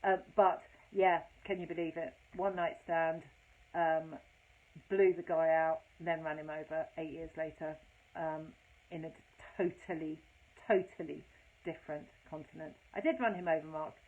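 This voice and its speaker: A woman's voice: deep voice, fairly even intonation, normal speed. A woman in her fifties, hosting a casual live broadcast, telling stories candidly and self-deprecatingly, with lots of swearing and rambling fillers. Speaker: host of a live storytelling broadcast. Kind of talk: casual anecdotal storytelling. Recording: tinny phone-like audio.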